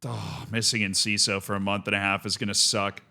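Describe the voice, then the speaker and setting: A man streaming a football management game, swinging between low muttering and shouted play-by-play commentary. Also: flat delivery, brisk, gravelly. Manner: bursts into shouted play-by-play, then mutters to himself.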